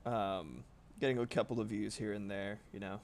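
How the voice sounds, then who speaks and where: A man's voice: lowish voice, fairly even intonation, normal speed, a little hiss or hum. Rambling, laid-back male streamer. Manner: rambling, swears casually, laughs often. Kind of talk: casual livestream chat while drawing.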